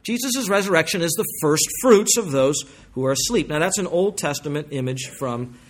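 Male preacher, fairly high voice, emphatic sermon delivery, drawn-out stressed words, loud and soft by turns. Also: expressive. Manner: emphatic, slows for stressed phrases. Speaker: pastor.

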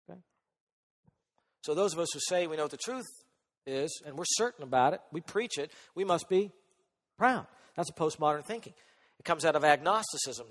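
A man preaching a sermon as pastor, swinging between soft asides and loud emphatic points. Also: on the high side. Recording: long hall reverb.

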